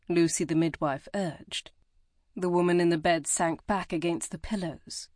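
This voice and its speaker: A woman reading a historical novel as audiobook narrator in a measured, even way. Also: lowish voice, dry recording, studio quality. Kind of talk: scripted narration.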